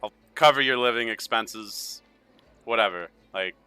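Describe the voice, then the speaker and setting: A man's voice: on the low side, measured pace, pushed and bright, smooth, no echo, faint music behind. Man voicing a tired, offhand noblewoman. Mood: soothing. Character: weary, practical noblewoman who summoned a traveler.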